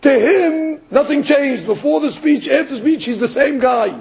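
A man giving a sermon as a rabbi, telling a story in an animated way and rising to emphatic peaks. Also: very high-pitched, a little slow, gravelly, poor audio. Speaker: rabbi or Torah teacher.

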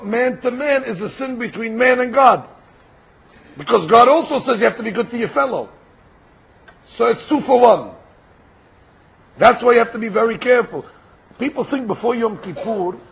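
An older man giving a Torah lecture, speaking in a deliberate, explanatory way and posing rhetorical questions before answering them. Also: high voice, vocal fry, slightly rough. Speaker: Torah teacher. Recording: dull lo-fi recording.

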